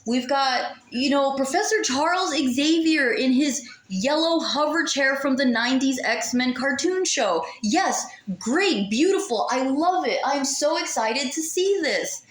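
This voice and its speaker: A woman's voice: high voice, reverberant. A woman ranting casually and sarcastically to a camera, exasperated and swearing freely. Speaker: vlogger. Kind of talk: casual rant.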